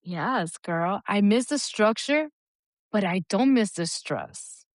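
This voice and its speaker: A woman co-hosting a casual podcast, her pitch sitting mid-range for a woman. She talks candidly and swears freely, jumping high and animated when she mimics others. The sound is dry and close, with no room around it. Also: slow pace, no room sound. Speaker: podcast co-host.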